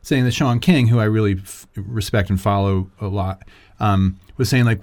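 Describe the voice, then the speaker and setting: A man co-hosting a podcast, reflecting on politics with frequent pauses and restarts. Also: on the low side, a little mellow. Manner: reflective, lots of fillers and restarts. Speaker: podcast co-host. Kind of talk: casual political chat.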